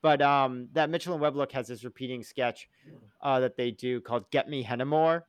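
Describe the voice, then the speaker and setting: A man co-hosting a casual podcast, rambling and joking, often slipping into loud comic impressions. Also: medium pitch, steady tone, a little fast, smooth, no echo. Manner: rambling, jokey, slips into loud comic voices. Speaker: podcast co-host. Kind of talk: casual chat reviewing a TV show.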